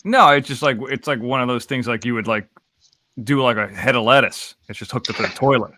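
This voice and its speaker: A middle-aged man chats as host of an open panel, rambling and chuckling at his own stories. His voice is bright and forward, at an ordinary pitch. The sound is dry, with no room around it. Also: a little fast, no room sound. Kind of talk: casual open-panel chat.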